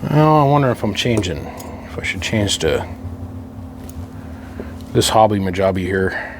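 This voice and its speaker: A lower-pitched middle-aged man rambles through a long story while fiddling with a stubborn repair. He grumbles and jokes dryly to himself. A faint hiss sits under the recording. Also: expressive, unhurried. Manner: wry, grumbling, talks to himself over a stubborn task. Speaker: radio hobbyist working on an amplifier. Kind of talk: casual rambling monologue while working.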